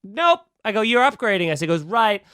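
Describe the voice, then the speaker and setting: A man's voice: high-pitched, quick pace, smooth, no room sound, studio quality. A man on a podcast telling a long, heated anecdote in casual chat, acting out both sides and swearing freely. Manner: animated, acts out both sides of a quarrel, swears. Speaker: podcast host.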